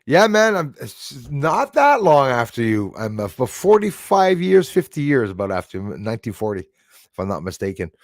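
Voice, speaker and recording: A man's voice: medium pitch, very animated, moderate pace, no room sound, clean studio sound. A man hosting a casual live stream from his old house, rambling, greeting viewers by name and swearing now and then. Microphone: desk microphone.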